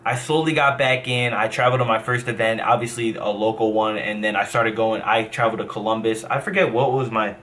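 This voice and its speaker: A man's voice: on the low side, steady tone, brisk, few pauses, a bit bright, a little hiss or hum. A young man from New Jersey telling a story in a casual vlog, rambling, profane and full of restarts. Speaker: gamer vlogger.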